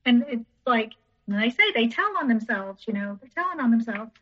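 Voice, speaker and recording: A woman's voice: on the high side, animated, a little fast, sharp tone. A woman, a teacher, telling a personal story as a podcast guest, rambling and repeating herself as she goes. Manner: rambling, repeats herself, acts out others' lines. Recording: dull lo-fi recording.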